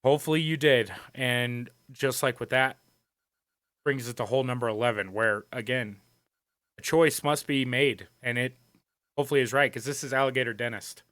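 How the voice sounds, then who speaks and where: Bright-voiced joking podcast guy. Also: medium pitch, steady tone, moderate pace, dry recording, clean studio sound. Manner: laughing, swearing, loose and joking. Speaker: podcast co-host. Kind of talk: casual chat.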